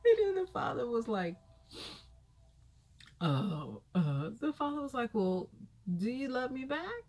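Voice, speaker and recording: A woman giving a casual, profane recap of a reality show, animated and laughing, with asides. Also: on the high side, measured pace, long pauses. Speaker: reality TV commentator.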